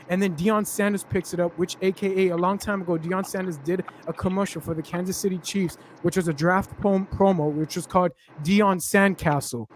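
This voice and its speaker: A man with a high voice talks through a long, animated football story in loose slang. He hosts a casual sports chat, and a faint hiss sits under his voice. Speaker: podcast host.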